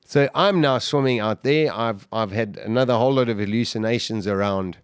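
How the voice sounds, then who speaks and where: A man's voice: fairly low pitch, fairly quick, smooth, no room sound, studio quality. Man vividly retelling a survival ordeal. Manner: vivid, animated retelling with restarts. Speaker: guest. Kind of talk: interview storytelling.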